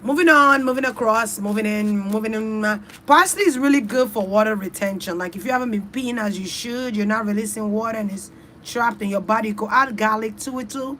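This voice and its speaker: A woman with a slightly high, brisk, sharp voice, carrying a little hiss or hum, hosts a casual, rambling chat. As an online reader and host, she talks loosely and swears plenty while speaking straight to her viewers.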